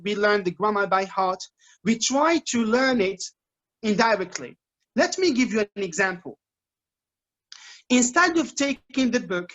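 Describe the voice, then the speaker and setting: Algerian guy teaching english, lively, keeps saying like, talky lecture vibe. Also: sits high, muffled recording. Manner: lively, explanatory, frequent "like" fillers. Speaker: English teacher giving a talk. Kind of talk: informal lecture to students.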